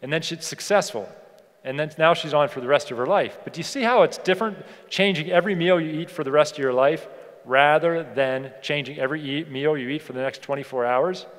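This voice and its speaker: Male keynote speaker, fairly high voice, punchy and repetitive, miked on stage in a large hall with long reverb. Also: brisk. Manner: energetic, emphatic, repeats phrases for effect. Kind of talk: motivational keynote speech.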